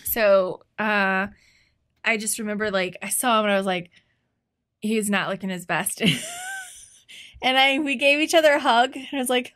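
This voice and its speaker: A young woman telling a story in casual podcast chat, animated and giggly, with lots of fillers. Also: a little high, normal speed, long pauses. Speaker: podcast co-host.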